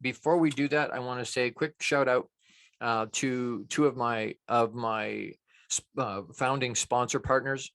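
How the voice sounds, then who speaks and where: A middle-aged man hosting a show, giving a rambling motivational talk full of restarts that grows more animated as he warms up. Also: medium pitch, a little slow. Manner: rambling, many restarts, rises when excited. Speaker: show host.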